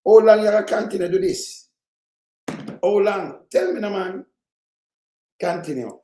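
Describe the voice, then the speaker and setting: High-voiced Jamaican man ranting angrily. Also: a little slow, mellow, reverberant, a little hiss or hum. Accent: Jamaican Patois. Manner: heated, profane, scolding rant. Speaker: political commentator. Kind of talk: reaction commentary on played clips.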